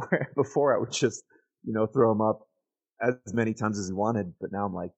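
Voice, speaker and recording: A man's voice: on the low side, normal speed, vocal fry, a little mellow, slightly rough. A man co-hosting a podcast, laid-back and slangy, chatting casually and calling people dude and bro. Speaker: podcast co-host. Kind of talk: casual chat.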